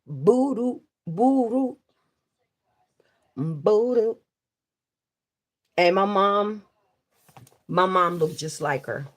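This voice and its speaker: A woman's voice: medium pitch, animated, extremely slow, long pauses. A woman chatting casually with viewers on a livestream, swearing freely and talking straight to them. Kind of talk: casual live stream chat.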